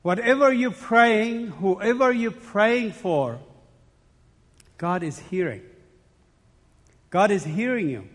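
A man's voice: high-pitched, expressive, slow, pauses often. A middle-aged man giving an earnest, emotional church testimony, often repeating himself and restarting phrases. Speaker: speaker giving his faith testimony. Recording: long hall reverb.

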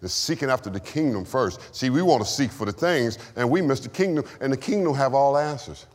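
A man's voice: medium pitch, animated, fairly quick, darkish tone. A man preaching a sermon and giving testimony, with call-and-response lines to the congregation. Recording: long hall reverb.

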